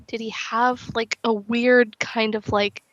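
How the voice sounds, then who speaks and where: A woman with a higher voice plays a tabletop role-playing game, joking in a wry way. Her dry mic sounds a little dull. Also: flat delivery, slow pace, a bit bright, no room sound. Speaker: player. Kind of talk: tabletop role-play over voice chat.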